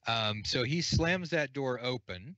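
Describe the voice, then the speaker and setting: Halting, bright-voiced male game master. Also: medium pitch, expressive, highs cut off, a little hiss or hum. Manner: plain, halting narration with many fillers. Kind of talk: narrating an unscripted tabletop game.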